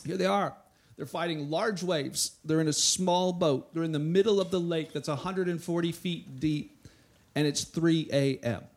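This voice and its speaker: A man preaching a sermon to a church, reading scripture and acting out quotes with a rising, animated voice. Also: on the high side. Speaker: pastor.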